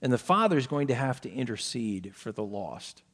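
A man preaching an expository sermon as pastor, stressing words hard and dropping to quiet asides, asking his listeners questions. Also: medium pitch, very animated, moderate pace, slightly rough. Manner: emphatic, swings from loud stresses to quiet asides; asks the listeners rhetorical questions.

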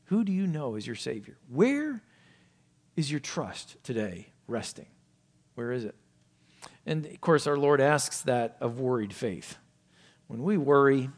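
A male pastor preaching a sermon, asking rhetorical questions and swinging from loud emphasis down to hushed, low asides. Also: big pitch swings, a little slow, pauses often. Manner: asks many rhetorical questions.

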